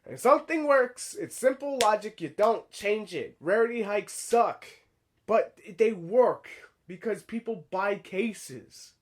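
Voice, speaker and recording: Guy ranting on his channel, kinda high voice that jumps all over, swears a lot, keeps restarting. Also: measured pace. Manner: animated, swears casually, restarts and rambles. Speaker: channel host. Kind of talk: casual opinion monologue.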